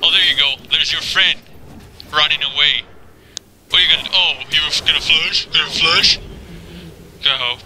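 A man giving profane, excitable commentary over his own gameplay, trash-talking opponents and breaking into laughter and yelps. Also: normal speed, pauses often, slight background noise. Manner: frequent laughter and sudden high yelps. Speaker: gamer recording his own match.

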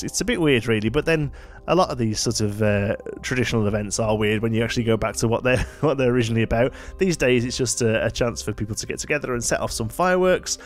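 Tired, rambling man. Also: medium pitch. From United Kingdom. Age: adult, married. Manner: rambling and chatty, many fillers and asides. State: tired, yawning late at night. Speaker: let's play host. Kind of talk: casual gameplay commentary.

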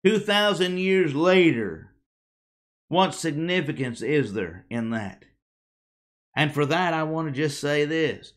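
A man preaching a sermon to a congregation, emphatic, with dramatic pauses, rhetorical questions and phrases that fall away at the end. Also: a little high, expressive.

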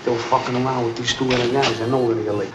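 An actor playing a reckless young male street hustler, rambling fast through excuses in 1970s film dialogue. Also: medium pitch, fairly even intonation, background noise, lightly acted. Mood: pleading. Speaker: film character. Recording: dull 1970s film soundtrack with faint music.

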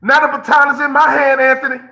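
Man, 50s, motivational keynote speaker, preacher cadence, bright and piercing tone. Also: very high voice, level tone, fast, creaky, rough recording. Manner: preacher-like, repeats phrases, calls out listeners by name. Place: remote keynote on a call.

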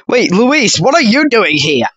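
A man from Maine hosting a podcast, chatting loud, jokey and crude with friends. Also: high-pitched, sing-song, unhurried, highs cut off, a little hiss or hum. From Maine, USA. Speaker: podcast host. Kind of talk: casual chat among friends.

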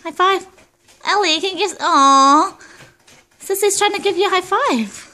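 A woman's voice: extremely high pitch, fairly quick, bright, forceful tone. A young woman singing a nursery song to her toddlers and coaxing them to play along, in a playful sing-song. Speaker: parent singing to small children.

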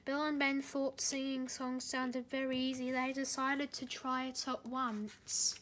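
A woman narrating a children's storybook aloud, halting with slips and restarts. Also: sits high, level tone, a bit bright.

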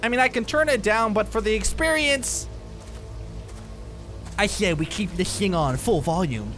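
A man's voice: sits high, expressive, normal speed, bright, forceful tone, faint music behind. A young man playing a horror game and commenting on it, jumpy and exclaiming, with bursts of nervous laughter. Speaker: gaming YouTuber. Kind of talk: horror let's play commentary.

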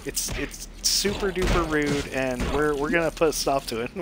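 A man's voice: fairly high pitch, moderate pace, background noise, natural voice. A man voicing exasperated museum officials who scold in crude language during a jokey game commentary.

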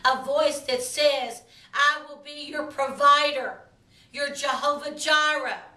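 A woman minister delivering a sermon in a slow, emphatic preaching cadence. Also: sits high, steady tone, sharp tone, roomy sound, distant mic.

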